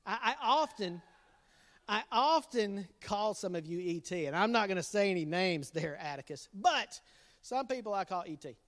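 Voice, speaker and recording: A man's voice: high-pitched, lively intonation, moderate pace, fairly bright tone. Joking middle-aged man in a hall. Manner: jokey, teasing, laughs at his own jokes. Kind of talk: playful dad jokes to an online youth group.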